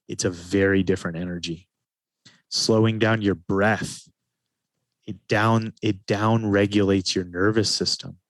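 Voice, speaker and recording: Calm low-voiced man, slow and dry. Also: no echo. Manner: calm, slows his speech to stress points. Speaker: podcast guest, men's retreat facilitator. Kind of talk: reflective interview talk.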